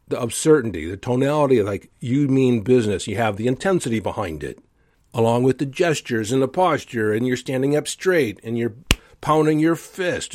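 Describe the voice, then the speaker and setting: A man's voice: mid-range voice, a little mellow, dry recording. Earnest male podcast host, dry sound. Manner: earnest, emphatic coaching delivery. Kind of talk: motivational solo talk.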